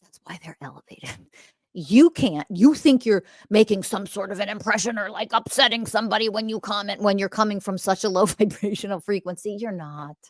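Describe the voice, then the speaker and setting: A woman hosting a podcast, delivering a confrontational, profane ranting monologue that swings from loud emphasis to quiet muttering. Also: mid-range voice, brisk, few pauses, no room sound, clean studio sound. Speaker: podcast host.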